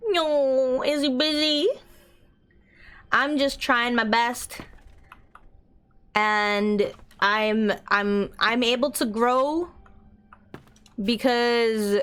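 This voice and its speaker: A young woman's slightly raised voice chatters over her gameplay. She is bubbly and giggly, reading game text aloud and gushing warmly at her viewers in an easy, casual way. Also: fairly high pitch. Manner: bubbly, giggly, gushes at chat. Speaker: streamer.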